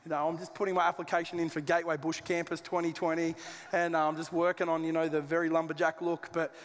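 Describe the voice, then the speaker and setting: Aussie pastor guy preaching, jokey and chatty, highish voice, big echoey church hall. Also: level tone, fast talker. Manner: conversational and joking, with colloquial asides. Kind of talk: sermon. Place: church auditorium.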